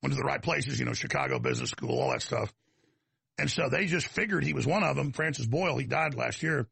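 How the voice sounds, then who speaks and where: A man's voice: mid-range voice, sing-song, fairly quick, creaky, a bit bright, breathy edge, dry recording. A man with a Texas accent, hosting a talk show in a rambling, combative, folksy monologue that wanders off on tangents.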